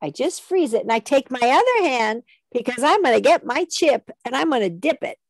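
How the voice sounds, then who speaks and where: Lively woman leading a kids' music lesson. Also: sits high, a little fast, dry recording. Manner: animated, coaxing sing-along leader, call and response. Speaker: music teacher.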